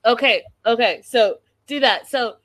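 A woman's voice: on the high side, a little slow, a bit bright, no room sound. A woman from Canada hosting a casual chat, teasing and questioning her guest precisely.

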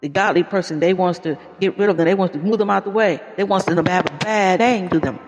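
Man, high voice, folksy preacher, reverberant recording. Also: fast talker. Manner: folksy, exclaims "Lord have mercy" and "Hallelujah". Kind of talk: informal podcast sermon. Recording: long reverb with faint music.

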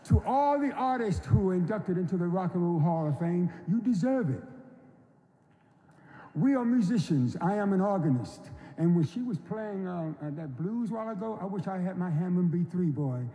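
A man in his seventies from North Carolina, giving an unhurried, folksy storytelling speech at an induction ceremony. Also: sits high, lively intonation, mellow. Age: 70s. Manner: unhurried, folksy, acts out quoted voices. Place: large hall. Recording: long reverb of a large hall.

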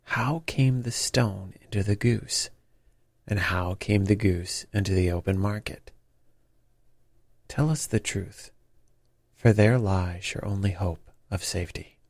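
A stern male detective lays out his accusation in a slow, measured way, as a man reads him aloud. The voice sits low and speaks without haste, recorded dry and close, audiobook style. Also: gravelly, a little mellow, dry recording, heavily acted. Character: stern, cool-headed male detective questioning a thief. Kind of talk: audiobook character reading.

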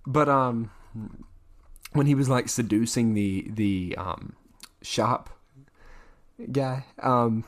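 A podcast co-host with a fairly low voice talks slowly and pauses often in a casual chat. He's enthusiastic and rambling, frequently laughing between thoughts.

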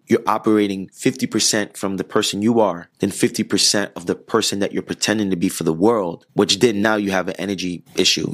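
A man's voice: fairly low pitch, fairly bright tone. A man giving an earnest motivational monologue, repeating key lines for emphasis and stumbling now and then. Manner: occasional stumbles and restarts.

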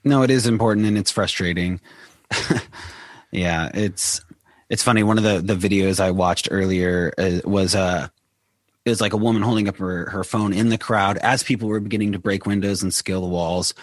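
A low-pitched man talking as a guest in a casual conversation, hesitant and trailing off while he hunts for the right words. The recording is dry and close. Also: fairly even intonation, normal speed, no echo. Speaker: church member guest.

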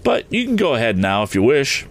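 Guy putting on a young eager inventor lad, higher voice, pushy and urgent. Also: huge pitch swings, fairly quick. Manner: earnest and urgent.

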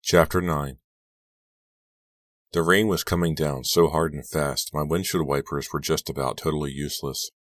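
Brief: man, extremely low voice, dry close mic, suspenseful horror audiobook read. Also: steady tone, moderate pace, no room sound. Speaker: audiobook narrator. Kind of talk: scripted horror narration.

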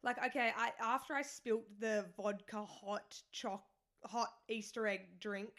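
Young woman, casual podcast co-host, a bit high-pitched, chatty and scattered, recorded at home on a studio mic. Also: steady tone, measured pace, fairly bright tone. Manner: rambling, giggly, loses her thread. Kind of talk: casual chat. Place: living room of a new house, on a couch. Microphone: studio mic with pop filter.

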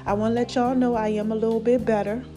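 A woman's voice: fairly high pitch, level tone, fast, music in the background. A woman hosting a casual motivational podcast, folksy and affectionate, a little out of breath with a swollen throat. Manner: folksy, affectionate, calls listeners baby and y'all. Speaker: podcast host.

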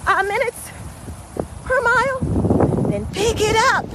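A woman pacing listeners on a brisk outdoor walk in a park, slightly breathy from walking, with encouraging, repetitive coaching cues. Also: extremely high pitch, big pitch swings, very noisy. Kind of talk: motivational workout vlog while walking.

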